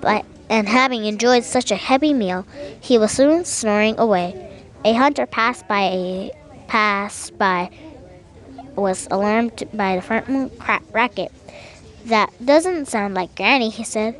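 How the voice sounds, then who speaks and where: A woman reading a fairy tale aloud as narrator, lively with small slips. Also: medium pitch, measured pace. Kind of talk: storybook reading.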